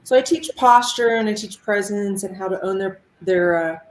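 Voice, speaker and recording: A woman from Ohio speaks over a video call in a measured, thoughtful way, pausing to find her words. Her voice sits at a middling pitch, and the room around her adds a noticeable echo. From Ohio, United States. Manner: measured, thoughtful, with pauses and fillers. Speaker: interview guest, mindful movement teacher. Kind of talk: casual interview answers. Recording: roomy echo.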